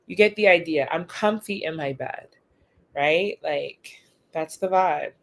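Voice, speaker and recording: Excitable slangy young woman streaming from bed. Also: low-pitched, unhurried. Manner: excitable, slangy, chatty with frequent "y'all". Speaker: livestream host. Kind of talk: casual livestream chat. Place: in bed at home.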